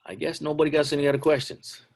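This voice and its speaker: A man's voice: on the high side, level tone, fast, a little mellow. A middle-aged man, a basketball coach, answering questions on a video call in a chatty, joking way.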